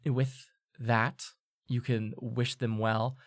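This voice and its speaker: A man's voice: medium pitch, little pitch movement, slow pace, dry recording. A male game master narrating a tabletop role-play scene, rambling and searching for words with plenty of fillers. His voice sits mid-range and sounds dry and close to the mic. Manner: rambling, many fillers and restarts.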